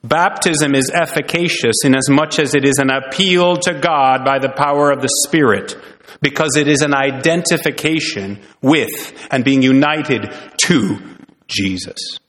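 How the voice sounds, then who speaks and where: A man's voice: medium pitch, a bit bright. Earnest preaching man in reverberant hall. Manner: earnest preaching with rhetorical questions. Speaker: pastor. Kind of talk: sermon. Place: church sanctuary. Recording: long reverb in a church hall.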